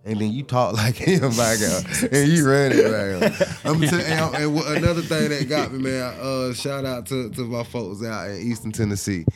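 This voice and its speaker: Slangy Southern-talking man, animated storyteller. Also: mid-range voice, moderate pace, hardly any pauses, faint music behind. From Western North Carolina. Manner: animated storyteller, slangy, says "bro" often. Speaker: podcast guest. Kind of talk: casual chat.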